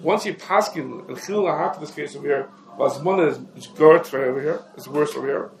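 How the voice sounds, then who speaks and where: A man teaching a lecture on Jewish law, explaining rapidly and peppering his English with Hebrew legal terms. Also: fairly high pitch, gravelly, slight background noise. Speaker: rabbi teaching a class. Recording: echoey room.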